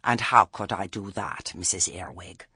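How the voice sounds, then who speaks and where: A man voicing a stern old witch woman who speaks meekly and quietly, with menace under it. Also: very deep voice, measured pace, husky, dry recording, studio quality, full character voice. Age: older. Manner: meek, soft-spoken, understated.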